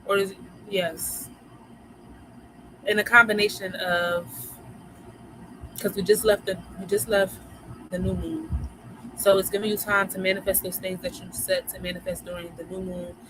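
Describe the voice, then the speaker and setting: A woman's voice: mid-range voice, level tone, moderate pace, pauses often, fairly bright tone, rough recording. A woman from Philadelphia with a Philly accent, hosting a livestream in a chatty, slangy way, talking straight to her viewers about moon phases. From Philadelphia, USA. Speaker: livestream host. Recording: clear background noise.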